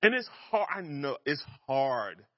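A man preaching a relaxed, conversational sermon, joking and laughing at himself as he teaches. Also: medium pitch, unhurried, no room sound, muffled recording. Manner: casual and self-deprecating, laughs at himself.

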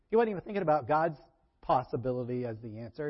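A man's voice: medium pitch, fast, dull audio. A man preaching a sermon in a conversational way, acting out Bible characters and laughing between points. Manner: conversational, acts out Bible characters with lively shifts.

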